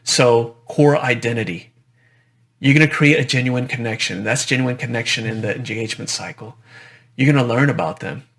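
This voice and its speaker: A dentist giving a conversational conference presentation, often repeating phrases and adding "right?" tags. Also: male voice, medium pitch, moderate pace, fairly bright tone.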